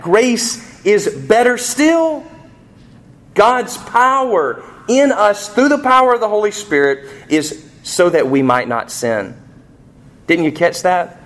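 This middle-aged pastor delivers a sermon, posing rhetorical questions to the congregation. On his emphatic points, his pitch and volume shoot up sharply.

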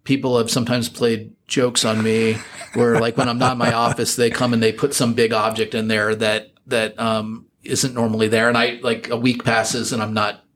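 A man's voice: mid-range voice, little pitch movement, moderate pace, a bit bright, a little hiss or hum. A middle-aged man with an American accent, chatting reflectively as an interview guest, full of fillers and restarts. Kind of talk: casual interview chat.

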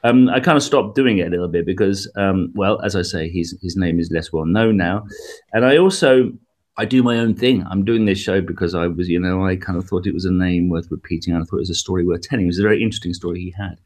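A man with a fairly low voice chats as a guest comedian in an interview. He rambles, restarts sentences, and gets animated as he explains things. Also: fast. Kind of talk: radio interview conversation.

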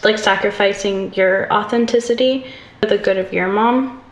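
A woman's voice: medium pitch, moderate pace, reverberant, muffled recording. A woman interviewer, supportive and affirming, asking follow-up questions. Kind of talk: interview conversation.

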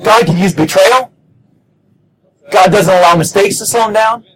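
Male pastor, high and husky voice, emphatic sermon delivery, shouted peaks. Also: moderate pace, rough recording. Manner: emphatic, repetitive preaching with shouted peaks and many restarts.

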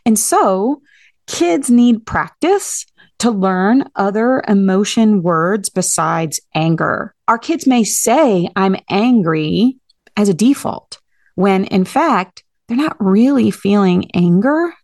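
An earnest woman delivers a parenting-advice monologue as a podcast host, speaking directly and steadily like a coach. Her voice sits in an ordinary middle pitch. The sound is dry, with hardly any room around it. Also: expressive, slow, darkish tone, dry recording.

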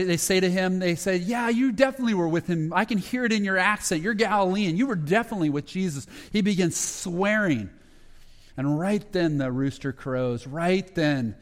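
A pastor telling a Bible story as a sermon, acting out the quoted lines and growing hushed at the tender moments. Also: male voice, on the high side. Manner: retells scripture with quoted dialogue, dropping to a hushed voice at emotional moments. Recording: long hall reverb.

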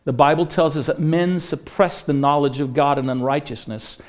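A man preaching a radio sermon in a somewhat high voice. He presses hard on key points, then drops to a quiet, grave tone. His delivery is earnest and steady throughout. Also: normal speed, few pauses. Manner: earnest preaching that swings between loud emphasis and hushed gravity. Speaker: pastor.

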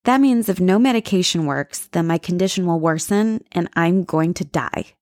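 A woman's voice: on the low side, normal speed, darkish tone, dry recording, clean studio sound, close to an everyday voice. A woman voicing her grieving older father in his dream, asking worried, hesitant questions. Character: grieving older widower, anxious and bewildered.

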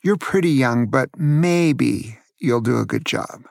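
A man's voice: mid-range voice, lively intonation, slow, gravelly, a little mellow, no echo, clean studio sound. An older man voicing a blunt, barking middle-aged newspaper truck driver in a storybook tale. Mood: gruff kindly.

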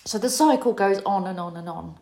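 A woman's voice: mid-range voice, a little fast, vocal fry, mellow. A woman in her forties, host of a podcast, telling a personal story in a candid, emotional, confessional way. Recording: roomy echo.

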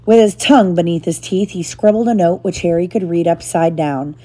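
A woman reading a chapter book aloud to her child in a steady, gentle narrating manner. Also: lowish voice, a little fast, hardly any pauses.

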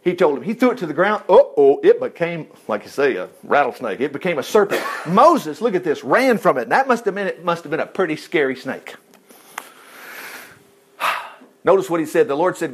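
A middle-aged man preaching casually from scripture, joking and acting out the quoted lines. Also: brisk. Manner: animated, jokey, acts out quoted lines with sudden pitch jumps. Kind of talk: conversational sermon, reading and commenting on scripture.

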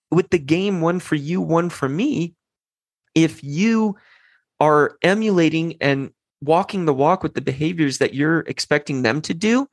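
A man's voice: on the high side, dry recording. A man in his thirties hosting a parenting podcast, talking casually and animatedly, telling stories about his kids. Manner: animated, storytelling, quotes his kids in a lighter voice.

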